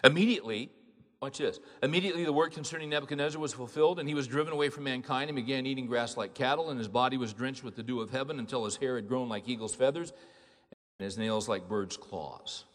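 A man's voice: mid-range voice, fast. A man preaching a sermon in an emphatic, conversational way, asking the congregation rhetorical questions. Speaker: pastor. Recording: long hall reverb.

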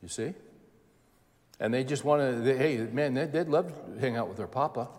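A man's voice: medium pitch, normal speed, a little mellow, long reverb tail. A man in his seventies preaching a sermon in a folksy, conversational way, repeating phrases for emphasis. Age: 70s.

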